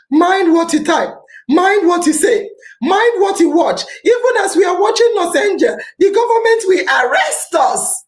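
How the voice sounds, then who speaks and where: A woman's voice: extremely high pitch, very animated, a little slow, darkish tone, reverberant, rough recording. A Nigerian woman hosting a podcast, giving an impassioned civic talk, repeating phrases for emphasis and slipping into Pidgin. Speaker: podcast host.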